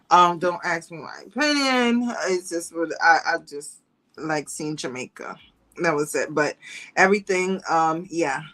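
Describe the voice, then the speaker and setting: Chatty woman gossiping on a livestream. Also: poor audio. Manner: animated storytelling, acts out quotes in higher voice, laughs often. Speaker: livestream host. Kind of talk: casual gossip chat to viewers.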